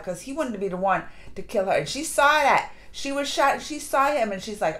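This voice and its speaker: A woman reviewing a movie in a casual vlog, gushing and excitable, with lots of fillers and restarts. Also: fairly high pitch. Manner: acts out lines in quick put-on voices. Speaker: movie reaction vlogger. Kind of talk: casual chat.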